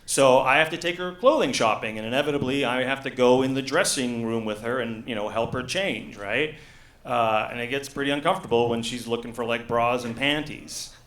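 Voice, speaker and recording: A man in his forties performing a stand-up comedy set, telling deadpan stories with lots of uh fillers. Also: mid-range voice, brisk. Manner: deadpan storytelling with frequent uh fillers. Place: comedy gala stage. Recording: echoey room.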